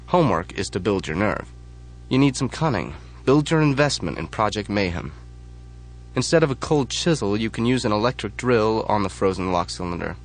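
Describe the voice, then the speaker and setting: A man reading a first-person audiobook in a measured, flat delivery. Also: lowish voice. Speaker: audiobook narrator.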